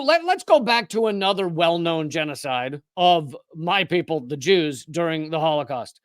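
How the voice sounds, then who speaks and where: A man's voice: on the high side, animated, normal speed, few pauses, no echo. A man hosting political commentary, speaking in an indignant, sarcastic way.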